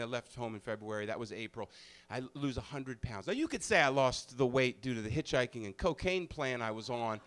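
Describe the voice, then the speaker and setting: Animated male comedian telling a story. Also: mid-range voice. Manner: animated, profane, swings from loud bursts to hushed confession. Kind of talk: live stand-up storytelling. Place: live comedy venue.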